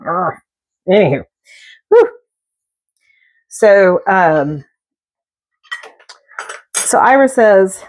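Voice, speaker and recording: A middle-aged woman chats while she cooks, drifting from one story to the next with jokey asides. Her voice sits fairly low for a woman. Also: expressive, slow, pauses often. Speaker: cooking vlogger. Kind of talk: casual chat while cooking.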